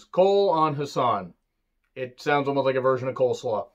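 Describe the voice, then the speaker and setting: A man's voice: medium pitch, animated, moderate pace. Sarcastic ranting man, lo-fi recording. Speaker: wrestling reviewer. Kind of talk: casual opinionated review.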